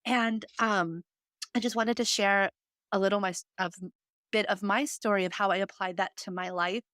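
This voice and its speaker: A woman's voice: mid-range voice, fairly even intonation, moderate pace, fairly bright tone, no room sound. Earnest woman podcaster, dry close sound. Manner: earnest, heartfelt storytelling with many fillers. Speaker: podcast host. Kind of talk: casual chat.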